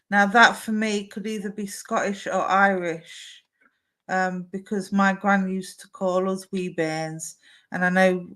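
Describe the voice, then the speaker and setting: A woman's voice: on the low side, fairly bright tone. A woman, giving chatty live psychic readings on a stream and relaying messages to a sitter.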